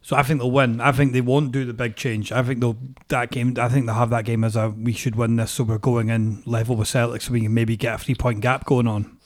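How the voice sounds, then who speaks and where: A Scottish man rattles through football predictions at a quick clip. He is blunt and sweary, full of banter with his co-host. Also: medium pitch, little pitch movement, darkish tone. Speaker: podcast co-host. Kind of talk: casual football chat.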